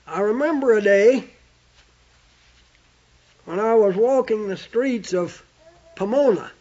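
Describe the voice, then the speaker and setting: A man with a very high voice preaching at a slow, deliberate pace. He leans hard on key words when he quotes scripture, and the sound is dull and lo-fi. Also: animated, a little mellow. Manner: emphatic, drawn-out scripture quoting. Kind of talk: sermon. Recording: dull lo-fi recording.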